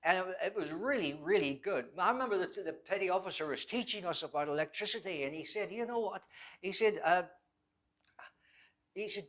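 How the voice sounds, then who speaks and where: An older man with a fairly high voice recounts his life story as a personal testimony. He rambles, stumbles and restarts often, and pokes fun at himself along the way. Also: lively intonation, fairly bright tone. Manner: rambling, halting with many restarts; self-deprecating humor. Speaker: church speaker giving his testimony.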